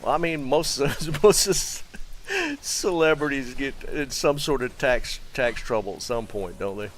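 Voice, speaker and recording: A man's voice: medium pitch, measured pace, a little hiss or hum. A man streaming a video game, chatting casually with his viewers, often breaking into laughter and addressing them by name.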